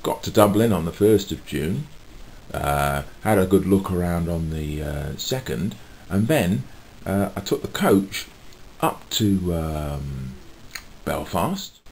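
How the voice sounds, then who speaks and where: Guy rambling to his camera, low voice that swings up and down a lot, lots of ums and chuckles. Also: very animated, slow pace, gravelly, a little mellow, slight background noise. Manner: rambling, chatty, with frequent fillers and chuckles. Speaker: vlogger and street musician. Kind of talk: casual chat to camera.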